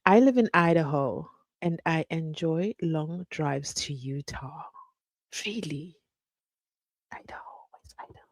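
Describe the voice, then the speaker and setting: A woman's voice: low voice, expressive, slow pace, no room sound. A woman hosting a casual livestream from home, chatting, laughing often and reading viewer comments aloud. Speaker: livestream host.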